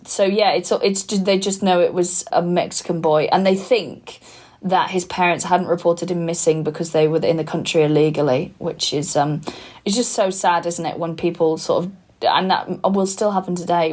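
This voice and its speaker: A woman's voice: fairly low pitch, fairly even intonation, normal speed, darkish tone. A woman co-hosting a true-crime comedy podcast, talking casually and bluntly and often restarting her sentences.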